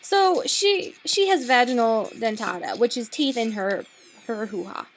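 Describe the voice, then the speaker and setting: A woman's voice: a little high, expressive, unhurried, faint music behind. A young woman rambling through a casual, sarcastic film review at home at night, swearing often and filling her talk with likes and ums.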